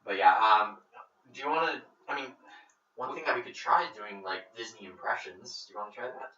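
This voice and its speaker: A man's voice: on the low side, expressive, a little fast, sharp tone. A man hosting a podcast in casual chat, rambling and laughing a lot. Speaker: podcast host. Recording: roomy, distant, dull recording.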